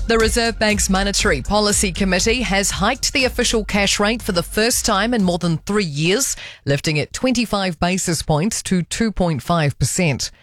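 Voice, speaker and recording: A woman with a New Zealand accent reading radio news headlines in a brisk, crisp delivery. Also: mid-range voice, faint music behind. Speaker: news reader.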